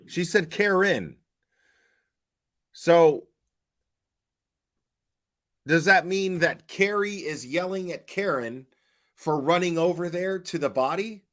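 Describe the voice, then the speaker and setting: A man giving casual livestream commentary, halting and repeating words as he questions and answers his chat. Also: a little high, a bit bright. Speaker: online commentator.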